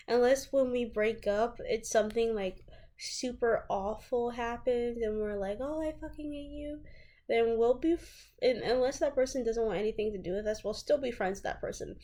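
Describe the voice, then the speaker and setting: A woman's voice: on the high side, darkish tone. A woman telling a personal story in a vlog, blunt, profane and candid. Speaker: vlogger.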